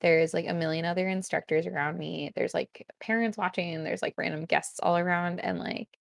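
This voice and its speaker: Creaky-voiced young woman, rambling casually. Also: on the low side, steady tone, normal speed, dry recording, clean studio sound. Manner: rambling, with constant "like" fillers. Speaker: guest. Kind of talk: casual conversation.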